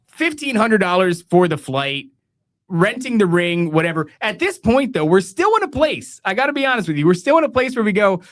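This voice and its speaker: A man's voice: sits high, sing-song, moderate pace, fairly bright tone. An American man hosting a podcast, telling a story in a profane, mocking rant and laughing at his own tale. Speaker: podcast host.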